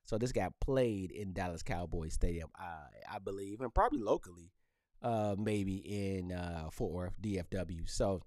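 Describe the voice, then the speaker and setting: A man hosting a podcast, talking casually and joking in loose, animated trash talk. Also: low-pitched, measured pace, dry recording, clean studio sound. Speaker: podcast host. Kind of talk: casual solo podcast rant.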